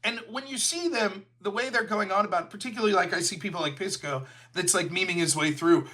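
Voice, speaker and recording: A man's voice: high voice, fast, hardly any pauses, pushed and bright. A man hosting a livestreamed political commentary show, talking in a heated, sarcastic way. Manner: sarcastic, heated, slips into mocking voices.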